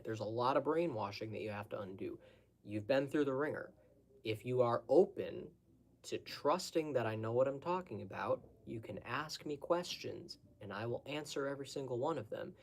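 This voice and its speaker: A man hosting an audience Q&A speaks unscripted in a medium-pitched, darkish voice. His monologue is blunt and lecturing as he exhorts viewers to think for themselves.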